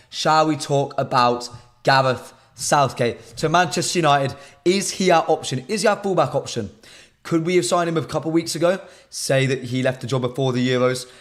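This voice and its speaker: A man presenting a live football stream, his voice shot and hoarse, talking casually to his chat and repeating himself. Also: fairly high pitch.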